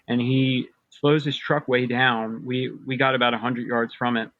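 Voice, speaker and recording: A man's voice: mid-range voice, fairly even intonation, normal speed, few pauses, fairly bright tone, no room sound. A man recounting personal experiences as a podcast guest, rambling through a long story with many fillers and restarts. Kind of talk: casual storytelling. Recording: dull lo-fi dry sound.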